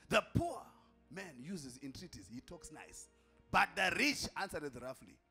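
A man preaches a sermon with a very lively, swooping voice. He calls out to the crowd, repeats phrases for weight and sometimes shouts, with faint music playing behind him. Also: fairly high pitch, a little slow, creaky. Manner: emphatic, calls out to the congregation, repeats lines for effect, at times shouting. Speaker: apostle preaching.

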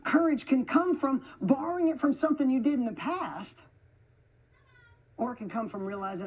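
A woman giving an energetic, emphatic motivational speech to an audience in an event hall, repeating phrases for effect. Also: on the high side, moderate pace, husky, lo-fi sound. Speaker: motivational speaker.

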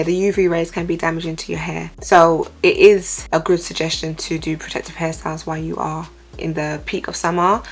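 Relaxed young woman vlogging. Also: lowish voice. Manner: relaxed, chatty, step-by-step. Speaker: hair vlogger. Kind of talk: casual hair tutorial. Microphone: phone.

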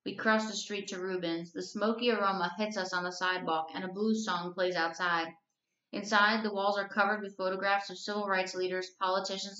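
A woman teacher reading a novel aloud to her class, telling the story at a steady, even pace. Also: fairly low pitch. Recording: roomy, slightly dull recording.

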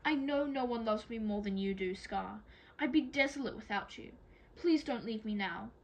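A woman's voice: on the high side, normal speed, low-quality recording. A woman doing a headstrong, flirty little sister. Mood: insistent. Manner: breezy, insistent.

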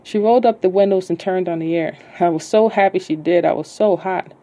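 Author reading her own book aloud: low, mellow woman, casual delivery, corrects her slips as she goes. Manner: halting, stops to correct her own misreadings. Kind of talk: casual read-aloud of a novel.

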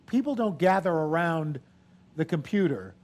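A man in his sixties speaks in a high voice for a man, relaxed and chatty. He tells anecdotes to an audience, acting out the people he quotes, then shifts easily into business talk. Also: normal speed. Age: 60s. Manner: lively storyteller, acts out quotes. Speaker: guest speaker. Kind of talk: animated anecdotes on stage. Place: event hall with audience.

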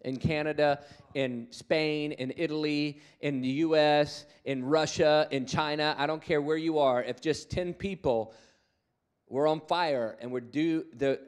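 A man preaching a sermon, telling stories with animation and calling on the congregation to respond. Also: fairly high pitch. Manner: animated storytelling, acts out quoted voices. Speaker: guest preacher.

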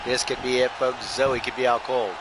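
A man's voice: mid-range voice, flat delivery, moderate pace, very noisy. A man casually calling a video game wrestling match play-by-play for a live stream, often addressing the audience as folks and joking as he goes. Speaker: host and play-by-play commentator.

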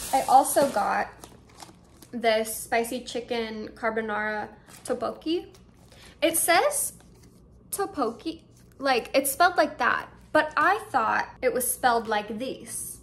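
A woman's voice: a little high, a little hiss or hum. A young woman vlogging at home, chatting eagerly about her shopping haul and thinking aloud as she tastes snacks. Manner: chatty, excited, thinks aloud while tasting. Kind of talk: casual haul and taste-test vlog. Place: indoors at home, air conditioner running.

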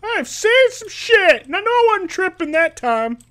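A man voicing a scared, panicky male enemy guard in a video game, pleading in a high, frantic voice. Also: sing-song, normal speed, sharp tone, heavily acted.

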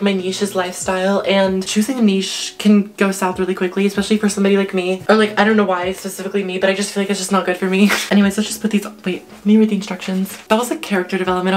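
A teenage girl vlogging casually at home, chatty and self-mocking, filling her talk with "like", recorded on a camera mic in her bedroom. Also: mid-range voice. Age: teens. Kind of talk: casual vlog chat.

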